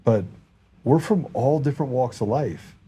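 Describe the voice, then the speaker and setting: A man's voice: mid-range voice, normal speed, husky. A man hosting a podcast, chatting casually and telling a story with acted-out dialogue. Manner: animated storyteller, acts out dialogue. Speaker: podcast host.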